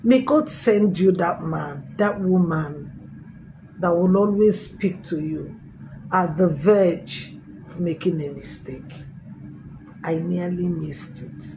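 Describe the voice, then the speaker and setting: A middle-aged woman pastor, telling her testimony in a sermon with emphatic, animated storytelling. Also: lowish voice, slow, background noise. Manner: storytelling with acted quotes, emphatic swings. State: recovering from a tooth extraction.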